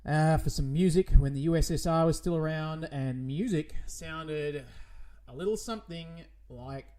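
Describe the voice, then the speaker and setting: A man with a notably high voice hosts a comedy radio show. He rants and frets in a theatrical, indignant manner, swinging between panic and exasperation. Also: unhurried, warm tone. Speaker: radio host.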